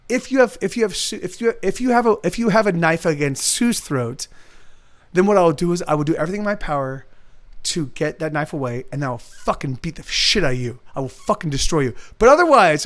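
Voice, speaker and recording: Man, high-pitched voice, casual rambling monologue, lots of swearing, restarts, stream host. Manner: profane, repetitive, restarts often; answers chat readers by name. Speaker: livestream host.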